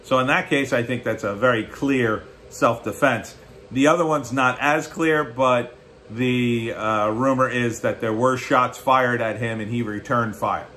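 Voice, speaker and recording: A man's voice: medium pitch, measured pace, sharp tone, a little hiss or hum. An American man giving blunt, sarcastic political commentary on his own show, often rising into mocking outbursts. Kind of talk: opinionated solo commentary.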